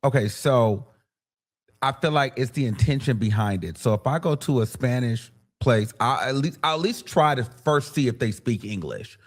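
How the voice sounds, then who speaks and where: A man's voice: medium pitch, normal speed. A man hosting a livestream, talking casually and acting out the voices of the people he quotes. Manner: animated, acts out quoted voices, many restarts. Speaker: livestream host.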